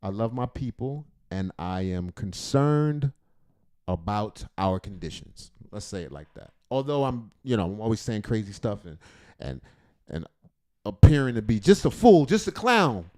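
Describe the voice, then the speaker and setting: Livestream host, adult man, lively rambling joker, pitch jumps around a lot. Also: unhurried. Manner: playful and rambling, joking then earnest. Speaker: livestream host reacting to videos. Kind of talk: casual livestream chat.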